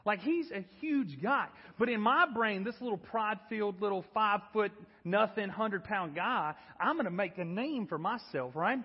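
Animated pastor in an echoey hall. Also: male voice, high voice, normal speed, few pauses, husky, lo-fi sound. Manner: animated, self-deprecating, acts out quotes. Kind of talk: sermon with storytelling. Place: church.

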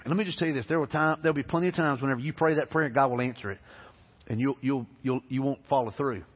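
A man's voice: mid-range voice, quick pace, breathy edge. A man preaching a sermon, earnest and conversational, often restarting his phrases. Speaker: pastor. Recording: lo-fi, long reverb of a large hall.

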